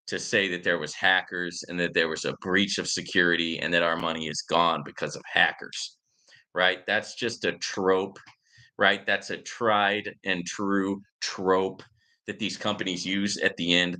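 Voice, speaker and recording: A man's voice: deep voice, bright, forceful tone. A man hosting a casual finance commentary show, talking in a rambling way with lots of fillers and addressing viewers as guys. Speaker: crypto investment show host. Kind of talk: casual live-stream commentary.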